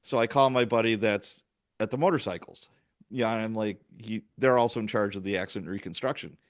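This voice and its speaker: A man, a police officer, telling work stories in casual chat and acting out the dialogue in an animated way. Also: lowish voice, brisk. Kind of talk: casual storytelling.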